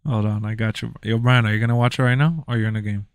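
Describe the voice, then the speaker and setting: A man's voice: on the low side, fairly even intonation, quick pace, very noisy. A young man streaming and chatting casually, rambling, repeating himself and laughing often. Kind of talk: casual chat.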